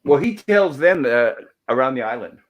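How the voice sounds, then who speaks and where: A man's voice: medium pitch, lively intonation, moderate pace, dull audio. A man hosting a casual show recap, narrating scenes and reading dialogue aloud. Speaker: host.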